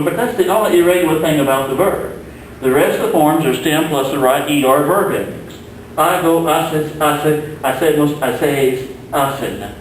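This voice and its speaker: A man giving a recorded Spanish grammar lesson, explaining slowly and patiently with the odd filler. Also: fairly high pitch, a little hiss or hum. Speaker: Spanish teacher. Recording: very echoey room, mic far off.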